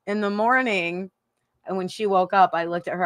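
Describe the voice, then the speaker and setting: A woman's voice: medium pitch, moderate pace, dry recording, studio quality. A woman from Michigan, a psychic hosting a live stream, chatting casually and emotionally, laughing often and repeating herself.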